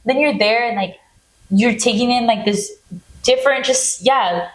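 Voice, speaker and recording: A woman's voice: on the high side, measured pace, poor audio. A young adult woman co-hosting a podcast, chatting casually, laughing often and saying "like" and "bro" a lot. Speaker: podcast co-host. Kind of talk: casual chat.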